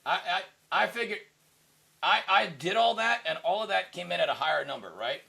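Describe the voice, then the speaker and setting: Podcast co-host, male, fairly high gravelly voice, bright and forceful, rambling casual delivery. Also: expressive, fairly quick. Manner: rambling, lots of "you know, right?" fillers. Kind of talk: casual chat.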